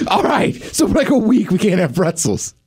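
A man's voice: high voice, very animated, moderate pace, a little mellow, slightly rough. A man co-hosting a podcast in casual chat, teasing his co-host and laughing easily.

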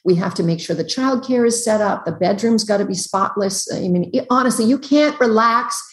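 A woman psychologist joins over a video call and lays out advice in quick, emphatic lists. Her voice sits at an everyday middle pitch and carries a clear, roomy echo from the space she is calling from. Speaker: relationship psychologist guest. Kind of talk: podcast interview giving advice. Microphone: computer on a video call.

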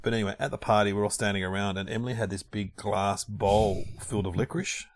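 An Australian man from Melbourne in a casual chat, telling lively anecdotes and laughing often. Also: on the low side, fast, no echo, studio quality.

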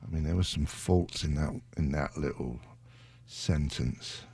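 A man's voice: a bass voice, unhurried, a little mellow, slightly rough. A British man hosting a radio show, chatting casually in a rambling, self-deprecating way into a studio mic. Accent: British English. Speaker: radio DJ host.

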